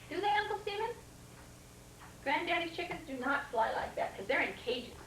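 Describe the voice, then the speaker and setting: An older woman reads a storybook to a little child in a fairly high voice, pausing to comment and quiz him. It sounds like an old VHS home video, with echoey room sound and a faint hiss. The camcorder sits some way off from her. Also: a bit bright, distant mic. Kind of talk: reading a storybook aloud to a child. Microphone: camcorder mic across the room.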